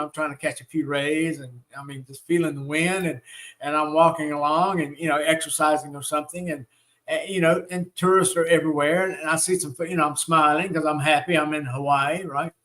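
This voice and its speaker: A man's voice: on the high side, a bit bright. A middle-aged man with a Southern US accent, hosting a live-stream teaching and talking in a folksy, rambling way with many fillers. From Southern United States. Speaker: spiritual teacher and show host.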